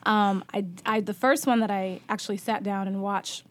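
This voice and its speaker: A woman's voice: mid-range voice, steady tone, moderate pace. A woman actress guesting on a podcast, chatty and self-deprecating, laughing easily. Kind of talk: casual podcast chat.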